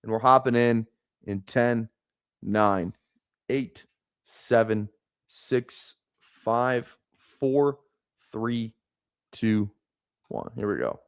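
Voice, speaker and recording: A man's voice: on the low side, expressive, extremely slow, pauses often, clean tone. A man streaming fantasy football drafts live, chatting casually in a rambling way, swearing freely and chuckling often.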